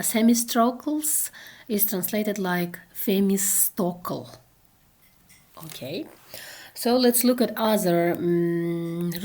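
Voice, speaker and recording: A woman lecturing on translation theory, halting with frequent fillers and checking in with "yes" as she goes. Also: medium pitch, a little mellow. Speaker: university lecturer.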